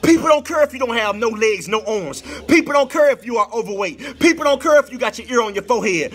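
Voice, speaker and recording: A man preaching an impassioned sermon, with a sing-song cadence that rises into shouts. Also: extremely high pitch, lively intonation, fast talker, few pauses.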